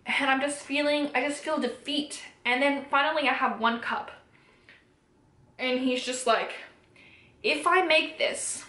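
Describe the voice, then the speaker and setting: A young woman speaks straight to camera, candidly recounting a personal story and acting out the lines of the people in it. Her voice sits fairly high. The room around her rings with a noticeable echo. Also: moderate pace. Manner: candid, animated retelling with quoted dialogue. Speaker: vlogger. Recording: echoey room.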